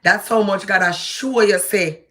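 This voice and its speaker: A woman's voice: mid-range voice, measured pace, a bit bright. A woman with a Jamaican accent giving casual, preachy commentary and speaking straight to the person she addresses. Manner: preachy, emphatic, addressing someone directly. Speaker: vlogger.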